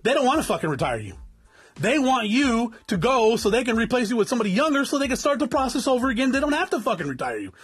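A vlogger in his forties, from South Tucson, Arizona, lectures his audience bluntly in a swear-heavy motivational rant, repeatedly calling them guys. He sounds extremely high and sing-song, speaking fast with a fairly bright tone and a breathy edge.

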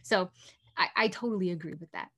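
A woman's voice: on the low side, fairly quick, fairly bright tone. A woman hosting an interview, affirming her guest and reflecting aloud, often checking in with "right?". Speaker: podcast host and workshop leader. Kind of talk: casual interview chat.

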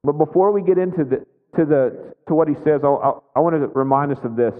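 A man in his thirties preaching a sermon in a relaxed, conversational way, often checking in with "right?" as he tells a family story. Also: fairly high pitch, fairly quick. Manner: conversational, frequent "right?" asides. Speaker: pastor. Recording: phone-like audio with long hall reverb.

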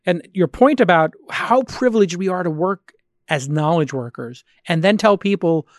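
The host's voice is high-pitched and animated at a moderate pace, with clean studio sound and no echo. His podcast talk is loose and conversational, full of thinking aloud and restarted sentences.

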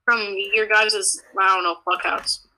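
A woman's voice: mid-range voice, flat delivery, a little slow, gravelly, pushed and bright, low-quality recording. A woman in a casual gaming chat, groaning and complaining in exasperation at her friends.

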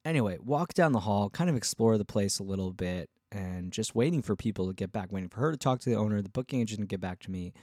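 A touring musician telling a casual story, rambling with frequent restarts and acting out what other people said. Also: male voice, on the low side, expressive, fast talker, few pauses, warm tone, no echo, studio quality. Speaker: touring musician and podcast host.

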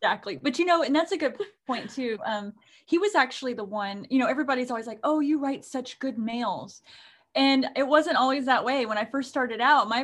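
A woman's voice: fairly high pitch, a bit bright. A middle-aged woman co-hosting an author podcast, chatting casually and rambling with lots of fillers. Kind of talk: casual chat.

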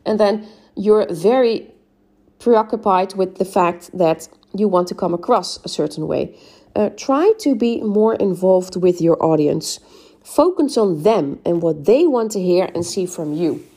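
This solo podcast advice talk features a woman, an English speaking coach, whose voice is low, dark and slightly rough, yet animated and unhurried. She encourages listeners with speaking tips, often using "um" and "right?" checks.

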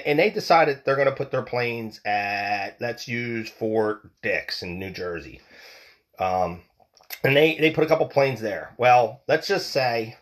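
A man hosting a solo podcast, ranting with heated, profane talk, often repeating and stumbling over his words. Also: mid-range voice. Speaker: podcast host.

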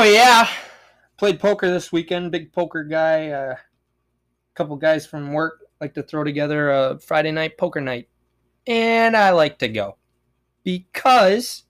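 A man hosting a solo podcast, rambling and joking with lots of swearing. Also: a little high. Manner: rambling, profane, jokey. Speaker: podcast host. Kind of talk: solo casual podcast monologue.

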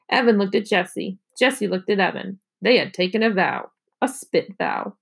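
A woman, a teacher, reading a children's novel aloud in an expressive storytelling manner. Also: mid-range voice, normal speed, gravelly, breathy edge.

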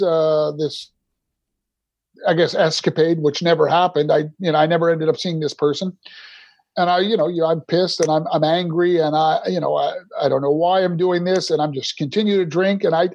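Podcast guest: middle-aged man from Canada, higher voice, rambling and candid, dull dry remote audio. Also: darkish tone, dry recording. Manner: rambling, restarts often. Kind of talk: candid recovery story.

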